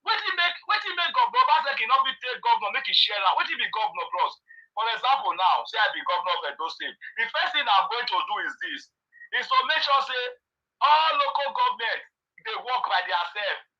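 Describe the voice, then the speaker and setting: A man's voice: extremely high pitch, lively intonation, fast talker, pushed and bright. A man with a Nigerian Pidgin accent talking politics in casual chat, passionate and firing off rhetorical questions. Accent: Nigerian Pidgin English. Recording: muffled lo-fi phone line.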